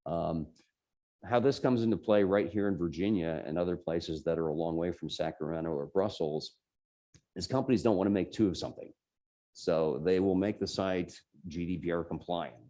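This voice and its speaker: A man's voice: sits low, mellow. A man with a New Jersey accent giving an informal, explanatory talk on tech policy to a user group meeting. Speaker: guest presenter at a computer user group meeting.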